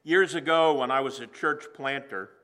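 A man preaching a sermon to a congregation in a church, earnest and slowing down for emphasis. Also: mid-range voice, bright, forceful tone. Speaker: pastor. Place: church sanctuary.

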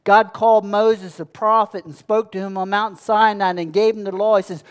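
A male pastor delivering a sermon in a fairly high, smooth and resonant voice. He builds momentum through a chain of repeated phrases, pressing each line home with preaching cadence. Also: little pitch movement, normal speed, hardly any pauses.

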